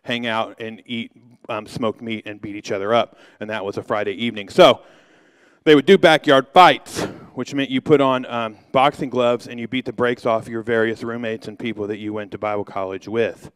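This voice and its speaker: A man's voice: medium pitch, steady tone, normal speed, smooth, no echo. A middle-aged man, a pastor, telling a humorous personal story during a sermon in a loose, joking way. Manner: humorous, anecdotal, loose with fillers.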